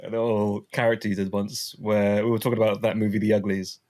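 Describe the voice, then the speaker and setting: A man co-hosting a podcast, playful and quick to laugh, rambling with fillers. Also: fairly low pitch, flat delivery, darkish tone. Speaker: podcast co-host. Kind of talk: casual chat.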